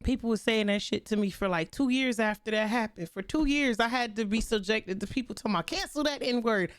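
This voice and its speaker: A woman's voice: medium pitch, fast, dry recording, clean studio sound. A young adult woman streamer chatting casually, telling a family story with slang and a lot of laughter. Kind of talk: casual live-stream chat.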